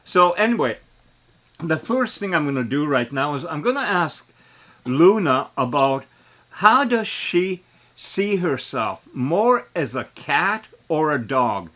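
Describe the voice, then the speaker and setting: A man in his seventies talking in a rambling, animated way in a casual monologue, his voice jumping up when he gets excited. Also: fairly high pitch, slow pace. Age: 70s. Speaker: vlogger.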